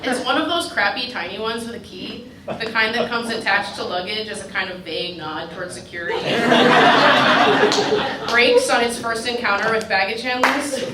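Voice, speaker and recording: A woman reading her own personal essay aloud at a writers' retreat, in a dry, wry manner. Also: a little high. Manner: dry, wry delivery that draws audience laughter. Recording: roomy, distant mic with background noise.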